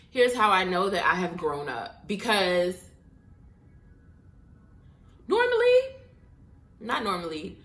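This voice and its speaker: A woman hosting her own podcast, telling a casual story with animated, exasperated, swearing asides. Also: on the low side, takes it slowly, pauses often. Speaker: podcast host. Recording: echoey room.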